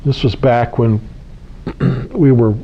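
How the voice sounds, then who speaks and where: A man's voice: medium pitch, slow pace, slight background noise. Man giving a casual spiritual talk. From United States. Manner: conversational, repeats key phrases, asks listeners questions. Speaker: spiritual teacher. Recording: slightly dull lo-fi recording.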